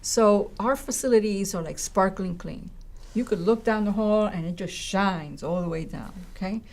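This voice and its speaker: A woman's voice: medium pitch, normal speed. A woman college educator telling a story in conversation, acting out voices and often checking in with "right?" and "you know.". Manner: animated, acts out voices in her stories.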